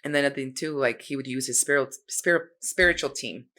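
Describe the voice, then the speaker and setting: A woman hosting a podcast in relaxed, slangy conversation, full of filler words. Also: extremely low pitch, a little fast. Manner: laid-back, slangy, with many filler words. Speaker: podcast host. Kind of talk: casual chat.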